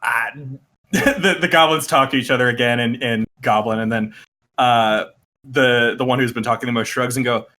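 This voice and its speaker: A man narrating as game master of a tabletop game, halting with restarts and frequent laughter. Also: mid-range voice, bright, forceful tone. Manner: halting, many fillers and restarts, laughing often.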